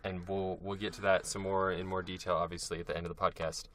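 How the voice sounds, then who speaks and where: A young man co-hosting a podcast in casual chat, steering the episode and talking in halting bits with restarts. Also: low-pitched, little pitch movement, a bit bright, a little hiss or hum. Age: young adult. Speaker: podcast co-host.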